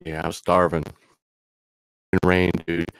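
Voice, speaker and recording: Deep-voiced, laid-back man swearing casually. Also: monotone, a little slow, a bit bright, clean tone, no echo. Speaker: guest on a stream. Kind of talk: casual chat.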